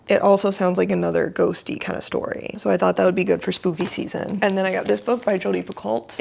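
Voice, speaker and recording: A young woman vlogging at home in a chatty, relaxed, self-deprecating way, talking to her camera about her week. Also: medium pitch, vocal fry, a little hiss or hum. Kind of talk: casual vlog narration. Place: home apartment.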